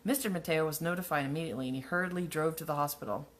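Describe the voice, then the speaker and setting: A woman with a low voice races through a live reading of her own childhood story. She keeps breaking off for wry, sarcastic asides that mock the text.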